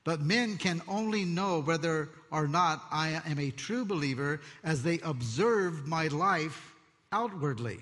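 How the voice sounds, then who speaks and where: A man preaching a sermon as pastor, expressive and conversational, telling stories with asides. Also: a little high. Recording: long hall reverb.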